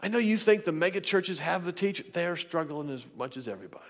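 A man preaching a sermon in a church, swinging between loud shouting and near whispers. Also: fairly high pitch, expressive, fast, in a large hall. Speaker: pastor. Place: church sanctuary.

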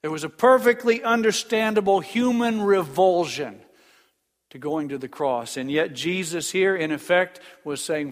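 A man's voice: fairly high pitch, measured pace, a bit bright, in a large hall. An older man preaching an earnest sermon as pastor, with small restarts and asides.

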